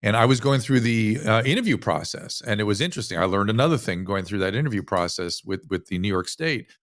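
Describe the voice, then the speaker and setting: A physician from the United States speaking as an interview guest, telling a story animatedly with frequent restarts. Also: male voice, lowish voice, animated, quick pace, no echo. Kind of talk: casual interview conversation.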